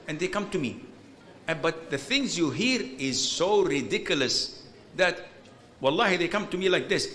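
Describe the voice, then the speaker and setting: Blunt, animated preacher with a bright voice. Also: male voice, a little high, moderate pace, slight background noise. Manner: animated and blunt, with emphatic bursts of exasperated humor; sprinkles Arabic religious terms into English. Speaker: Islamic preacher. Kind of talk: informal lecture answering a question.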